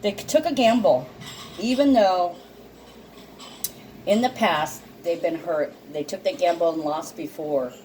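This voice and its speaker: A woman's voice: lowish voice, measured pace, pauses often, a little mellow, slight background noise, rough recording. A woman giving a casual tarot card reading to her viewers, emotional and teary, laughing often and swearing freely. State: teary and sniffling. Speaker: intuitive card reader.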